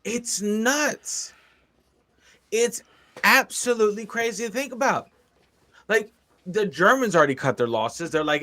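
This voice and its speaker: A man's voice: high voice, expressive, a little slow, pauses often, pushed and bright. A man hosting a reaction video, talking in an amused, rambling way and addressing viewers. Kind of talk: casual reaction commentary.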